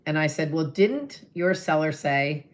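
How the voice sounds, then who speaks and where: A middle-aged woman real estate agent talking live to viewers, telling a deal story in a chatty way, acting out both sides of phone calls and pitching her classes. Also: lively intonation, a little slow. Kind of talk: live-stream talk to viewers.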